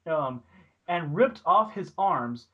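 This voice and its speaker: A young man with a high, lively voice reads crude internet posts aloud to his friends on a call. He keeps cracking up and has to stop between lines. His pitch climbs and drops all over. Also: slow, muffled recording. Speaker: podcast co-host. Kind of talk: casual group chat over a voice call.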